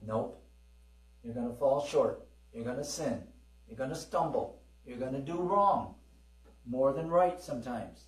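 A man's voice: medium pitch, unhurried, long pauses. Man, pastor, storytelling sermon, call-and-response, roomy echo, mains hum. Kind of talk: sermon with personal testimony. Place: church hall. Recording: roomy hall, distant mic, mains hum.

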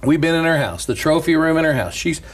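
Husky, lively-voiced male pastor. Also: on the high side, fast. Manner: animated, laughs through his stories. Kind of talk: casual storytelling chat.

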